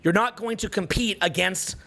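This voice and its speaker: A man's voice: high-pitched, normal speed, vocal fry, pushed and bright. A middle-aged man with a Canadian accent, giving an emphatic motivational seminar talk as a coach, often repeating phrases for effect. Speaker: social skills coach.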